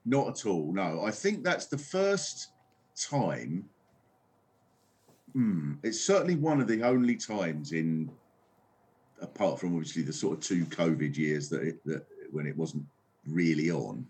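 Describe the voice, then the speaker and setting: Man, middle-aged, comedian guest, low voice, lively pitch swings, rambling casual chat. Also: slightly rough. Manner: rambling, animated storytelling with quick asides. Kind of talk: casual podcast conversation. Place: on tour in another town, joining remotely.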